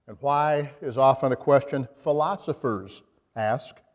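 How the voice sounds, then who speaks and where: A man preaching a sermon in a reflective storytelling manner, pausing and restarting as he speaks. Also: medium pitch, in a large hall.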